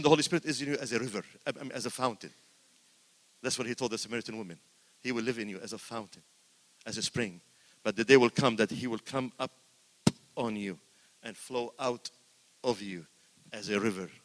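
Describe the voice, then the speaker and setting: An older man preaching in a church, his bright, forceful voice ringing through a long hall reverb. He swings from loud, exclaiming peaks to hushed asides and repeats words for emphasis. His pitch sits at an ordinary middle for a man. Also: a little fast. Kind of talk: sermon.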